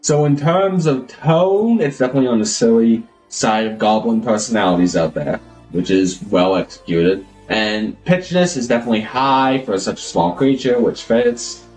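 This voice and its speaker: A man's voice: medium pitch, expressive, normal speed, few pauses, darkish tone, soft background music. A man live streaming, chatting casually and rambling as he thinks aloud, always calling himself Goblin in the third person.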